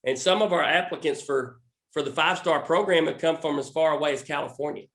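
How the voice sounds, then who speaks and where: A man with a Southern American accent, a fishing recruiting scout, explaining a recruiting program in a halting way full of restarts and fillers. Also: a little high, fairly bright tone, reverberant.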